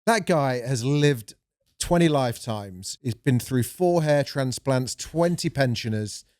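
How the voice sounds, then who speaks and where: A man's voice: mid-range voice, darkish tone, no echo. A man co-hosting a podcast in casual comedic chat, dry and sardonic, swearing freely. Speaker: podcast co-host.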